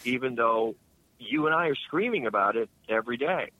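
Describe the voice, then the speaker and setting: A man's voice: medium pitch, expressive, brisk, no echo. A middle-aged man, a longtime radio host, chatting casually and rambling with many restarts and fillers. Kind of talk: casual chat. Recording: dry tinny phone line.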